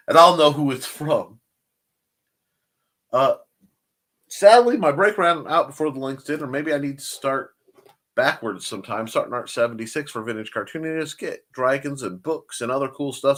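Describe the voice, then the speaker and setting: A man's voice: mid-range voice, sing-song, normal speed, a bit bright. A man hosting a casual live-stream chat show, rambling through plugs with jokey asides and self-corrections. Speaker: show host.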